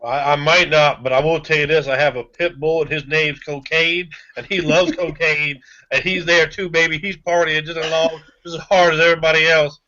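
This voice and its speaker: A brash man hollers and curses his way through a tabletop role-play scene, his voice bright and edgy. The sound is muffled and lo-fi, like a voice call. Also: on the high side, little pitch movement, normal speed, few pauses. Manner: brash, profane, loud. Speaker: player.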